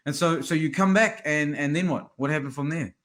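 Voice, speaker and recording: A man's voice: fairly high pitch, fairly quick, a bit bright. A man hosting a podcast, mostly listening with short affirmations before asking a follow-up question. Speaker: podcast host. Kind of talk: interview.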